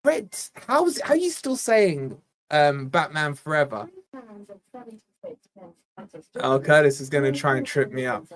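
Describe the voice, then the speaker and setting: A man's voice: high-pitched, dry recording, studio quality. Man, fan channel host, casual live-stream banter, teasing, sudden play-by-play calls. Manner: chatty, teasing, jumps between quiz talk and play-by-play. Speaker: fan channel host doing live match watch-along.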